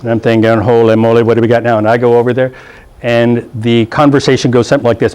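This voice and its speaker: A man's voice: medium pitch, level tone, fast talker, a little mellow, clean tone. A middle-aged man teaching a rules class to football officials, blunt and joking, checking in with "okay?" and acting out the people in his stories. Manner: acts out coaches' lines in funny voices. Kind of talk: classroom rules lecture with anecdotes. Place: meeting room.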